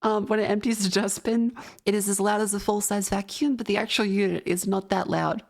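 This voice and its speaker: Female streamer, casual chat, mid-pitched voice, loose and profane storytelling. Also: fairly even intonation, fairly quick, creaky. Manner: rambling, profane storytelling broken by laughter.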